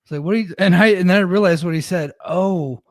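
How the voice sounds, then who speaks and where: A man's voice: sits high, racing, no room sound, clean studio sound. Man rambling through a casual anecdote. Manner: rambling, self-deprecating anecdotes with frequent restarts. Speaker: podcast co-host. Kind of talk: casual storytelling chat.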